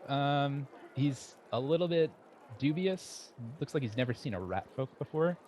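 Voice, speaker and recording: A man narrating as game master of a tabletop game, describing scenes haltingly with many fillers. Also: fairly high pitch, expressive, a little mellow, a little hiss or hum. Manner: halting, lots of "uh" and restarts while describing scenes.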